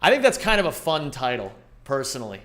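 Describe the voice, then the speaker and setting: A man's voice: medium pitch, wildly swooping pitch, quick pace, fairly bright tone. A man streaming a speedrun, chatting loosely with his viewers, greeting them by name and rambling between thoughts. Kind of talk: live-stream chat while speedrunning.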